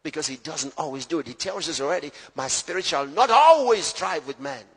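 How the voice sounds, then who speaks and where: A preaching man with a high, husky voice. He delivers the sermon emphatically, rising to shouts and then dropping to low, hushed lines. His voice rings with the long reverb of a big hall. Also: animated, brisk. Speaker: pastor.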